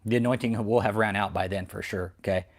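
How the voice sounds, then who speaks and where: Fast and lowish, his voice holds a steady tone as this American man rants. He hosts a channel exposing cult leaders, and his commentary is angry, profane and confrontational, repeating its points, recorded at home with dogs barking close by.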